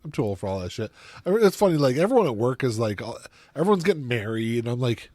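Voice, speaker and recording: A man's voice: medium pitch, big pitch swings, fast, darkish tone, dry recording, clean studio sound. A man, co-hosting a casual podcast, swearing freely and laughing often. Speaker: podcast co-host. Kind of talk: casual chat.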